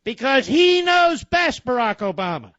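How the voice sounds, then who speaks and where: High-voiced indignant man on talk radio. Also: very animated, measured pace, a bit bright, dry recording, highs cut off. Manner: indignant, emphatic, rhetorical questions.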